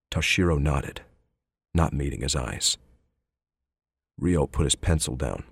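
A man narrating an audiobook in a measured, even storytelling manner on a close studio mic. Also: very deep voice, husky, dry recording. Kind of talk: scripted narration.

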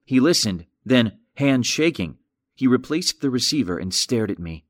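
A man narrating a mystery audiobook in an even, wry, measured manner. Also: medium pitch, no room sound, clean studio sound. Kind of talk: scripted narration.

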